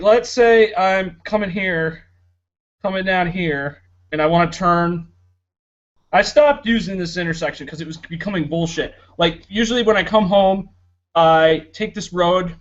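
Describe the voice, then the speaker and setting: A young man co-hosting a podcast in a casual chat, rambling and sarcastic, with lots of fillers. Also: sits high. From Florida, United States. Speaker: podcast co-host. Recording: dull lo-fi home recording.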